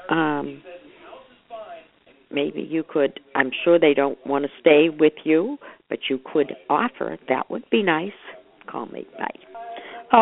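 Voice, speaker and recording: A mother leaves a voicemail, rambling chattily and affectionately. She is an older woman with a fairly low voice that swings widely and lively up and down. The audio sounds narrow and boxy, as if over a telephone line.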